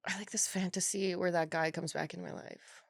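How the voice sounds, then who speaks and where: A woman's voice: fairly low pitch, fairly even intonation, fairly quick, vocal fry, no echo. Blunt, joking Canadian woman, dry sound. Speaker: stand-up comedian guest. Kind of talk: casual podcast chat.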